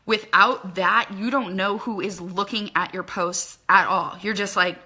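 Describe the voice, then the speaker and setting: Speaking straight into her phone, a woman with a bright, forward, mid-range voice runs a casual live tutorial for small-business owners as a social media business trainer. Her explanations come in quick, chatty bursts full of fillers and loose asides.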